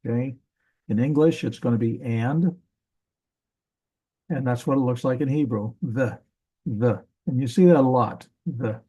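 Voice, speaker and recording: Mellow-voiced man teaching Hebrew grammar. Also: mid-range voice, a little slow, pauses often, slightly rough, rough recording. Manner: casual, thinking aloud with self-corrections. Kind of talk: classroom grammar lesson.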